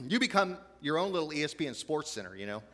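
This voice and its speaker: Bright-voiced pastor in a reverberant church. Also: male voice, fairly high pitch. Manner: chatty, self-deprecating, frequent "you know" asides. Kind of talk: conversational sermon.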